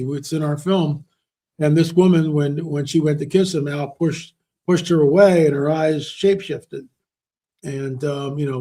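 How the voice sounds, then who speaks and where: A man with a somewhat high, slightly mellow voice speaks as an interview guest; he's an author and researcher. In this conversational interview, he tells stories emphatically, repeating words for stress.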